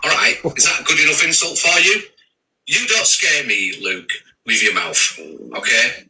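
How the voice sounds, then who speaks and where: Man ranting on a livestream, very bright tone, a touch off-mic, foul-mouthed and stammering. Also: medium pitch, big pitch swings, moderate pace, far from the mic, poor audio. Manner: swearing, trading insults, stammering restarts. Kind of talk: heated livestream rant. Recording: voice a bit off-mic.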